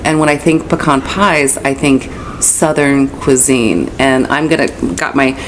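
A woman hosting a podcast, chatty and self-deprecating and quick to laugh. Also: a bass voice, a little hiss or hum, poor audio. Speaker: podcast host. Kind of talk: casual podcast chat. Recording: music playing under the voice.

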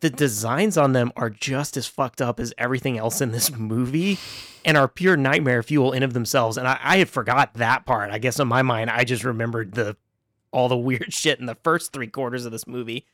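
A man's voice: mid-range voice, brisk, fairly bright tone, no echo. Man, podcast co-host, casual rambling chat, laughs a lot, swears, dry close sound. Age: adult with children. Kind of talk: casual chat reviewing a film.

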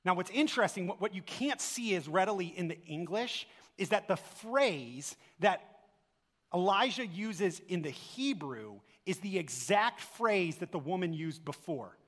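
A man's voice: high voice, lively intonation, unhurried, a bit bright. A man preaching a sermon as pastor, earnest and full of rhetorical questions, recorded in a church sanctuary. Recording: long hall reverb.

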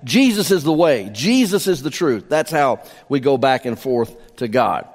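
A man's voice: mid-range voice, lively intonation, a little slow, soft background music. A man preaching a sermon as pastor, emphatic, repeating key phrases for stress. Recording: long hall reverb.

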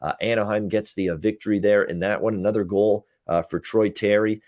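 Low-voiced man recapping hockey games. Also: steady tone, darkish tone, no room sound, studio quality. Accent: North American English. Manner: quick recaps with frequent "uh" fillers. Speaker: podcast co-host, betting analyst. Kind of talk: casual sports betting chat.

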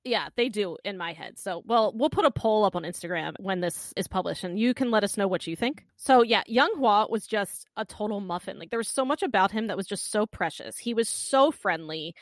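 A woman's voice: mid-range voice, brisk, few pauses, no room sound. A woman co-hosting a podcast, chatting casually about a drama series and retelling scenes with lots of energy. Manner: animated retelling with acted quotes and laughs. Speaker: podcast co-host.

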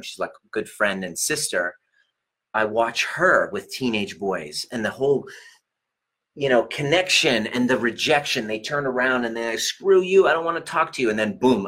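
Middle-aged male coach, husky, bright tone, profane and animated. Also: lowish voice. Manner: profane, animated, laughs often. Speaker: relationship coach and chiropractor. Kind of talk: casual monologue to viewers.

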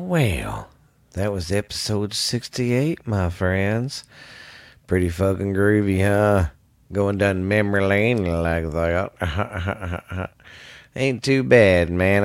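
Loud, laid-back male podcast host. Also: low-pitched, steady tone, slow, dry recording. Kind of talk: casual podcast sign-off.

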